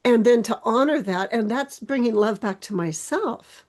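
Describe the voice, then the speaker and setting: A woman hosting a podcast interview, speaking in a thoughtful, measured way. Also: a little high, animated, darkish tone. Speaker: podcast host.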